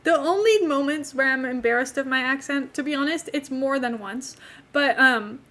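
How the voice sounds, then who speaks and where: A woman's voice: sits high, moderate pace, sharp tone. A young woman streamer chats casually with her viewers while playing a life-sim game. She rambles from topic to topic and talks to both her chat and the game's characters. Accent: not from England.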